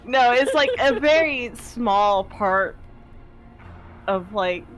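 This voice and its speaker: Slow, hesitant woman player. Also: on the high side, expressive, low-quality recording. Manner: hesitant, restarts, laughs often. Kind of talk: casual chat at a tabletop game.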